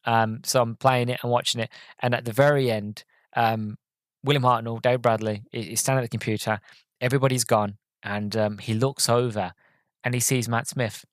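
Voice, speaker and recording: A man's voice: medium pitch, steady tone, fairly quick, dry recording. A man hosting a podcast, giving a rambling, emotional and enthusiastic film review in a casual monologue. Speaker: podcast host.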